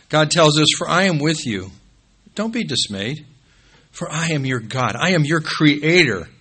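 A man preaching a sermon as pastor. He rises to emphatic peaks, then drops low and quiet when he calls out scripture references. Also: husky.

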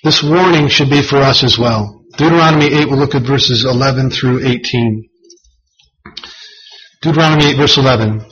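A man's voice: mid-range voice, moderate pace, fairly bright tone. Earnest preaching man, lo-fi sound. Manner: earnest preaching with scripture reading. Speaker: pastor. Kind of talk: sermon. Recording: dull lo-fi sound.

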